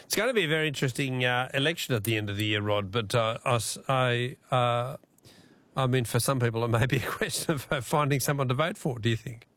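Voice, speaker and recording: A man's voice: medium pitch, fast talker, a bit bright. A man with an Australian accent hosting a talkback radio show, jovial and easygoing, chuckling as he chats with callers. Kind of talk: casual talkback chat.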